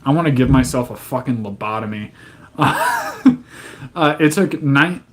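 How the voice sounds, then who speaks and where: A man's voice: medium pitch, huge pitch swings, unhurried. A man streaming live, reading to his chat and breaking into profane, exasperated rants that stay angry but joking.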